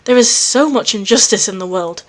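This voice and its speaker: A woman voicing an intense, scheming alien girl who talks about justice and vengeance in a low, measured way. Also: lightly acted. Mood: brooding.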